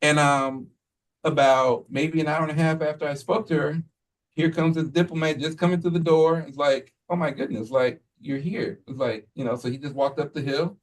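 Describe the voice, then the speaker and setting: A man who leads a school, giving a relaxed, rambling report to the board, full of fillers and quoted asides. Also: a little high, moderate pace, far from the mic, low-quality recording. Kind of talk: casual spoken report at a meeting.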